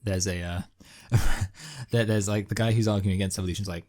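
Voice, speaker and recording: A man in casual podcast chat, quickly retelling cartoon scenes. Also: fairly low pitch, fairly even intonation, warm tone. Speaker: podcast co-host.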